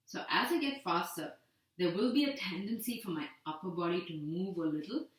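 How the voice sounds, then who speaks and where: A woman yoga teacher giving calm, gentle guided breathing instruction with steady repeated cues. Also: on the low side, brisk, a little hiss or hum. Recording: echoey room, voice from a distance.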